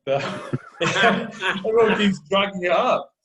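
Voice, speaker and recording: A man with an English Midlands accent, a podcast guest telling stories in a casual, animated way with frequent laughter. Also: high-pitched, takes it slowly, background noise. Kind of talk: casual storytelling. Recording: roomy echo.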